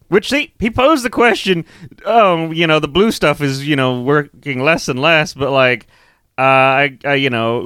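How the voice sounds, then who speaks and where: A man's voice: fairly high pitch, clean tone, no echo, clean studio sound. A man co-hosting a casual movie review podcast, laughing and swearing as he retells scenes. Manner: laughing, profane, animated storytelling. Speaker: podcast co-host.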